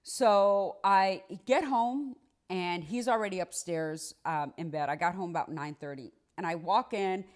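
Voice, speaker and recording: A woman, a trial lawyer, telling a personal story in a casual, conversational monologue. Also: a little slow. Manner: animated, acts out dialogue with big pitch swings; conversational, many fillers like "like" and "right".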